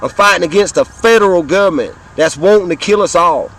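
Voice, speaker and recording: A man's voice: sits high, brisk, fairly bright tone, low-quality recording. A man in his fifties with a Southern American accent, talking in an impassioned, rambling way outdoors, swearing and often repeating himself. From Southern United States. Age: 50s. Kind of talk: casual monologue to camera.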